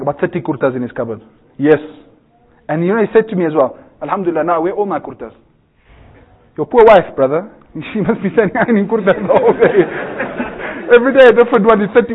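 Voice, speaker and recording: A man preaching as a maulana in a humorous sermon, cracking jokes and asking rhetorical questions. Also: high-pitched. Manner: joking, rhetorical questions, laughs at own jokes. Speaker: maulana giving a bayan. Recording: tinny phone-like sound.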